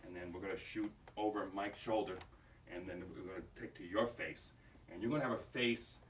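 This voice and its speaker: A man's voice: sits low, fairly quick, fairly bright tone, slight background noise. A man directing an audition, explaining a scene to an actress in a rambling way with many restarts. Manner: rambling, restarts, acts out lines. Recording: roomy, distant from the mic.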